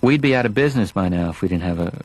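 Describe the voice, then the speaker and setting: A man voicing a blunt, sarcastic video store clerk in a cartoon, flat with mock surprise. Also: sits low, rapid-fire, poor audio. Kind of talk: improvised cartoon dialogue.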